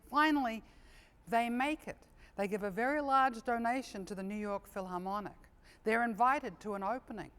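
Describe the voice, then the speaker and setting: Bright-voiced New woman comedian. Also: medium pitch. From New Zealand. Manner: lively storyteller, chatty asides. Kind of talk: stand-up joke telling. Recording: long hall reverb, live stage.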